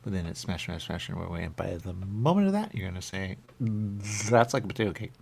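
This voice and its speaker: A man's voice: deep voice, animated, fairly quick, gravelly, a little mellow, husky. A man hosting a talk show, rambling playfully with sing-song repetitions and riffs. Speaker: radio show host.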